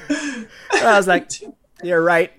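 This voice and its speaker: A man's voice: high voice, sing-song, slow pace, bright, forceful tone. A man, hosting a casual chat and telling a story, acting out quotes and laughing often. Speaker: podcast host.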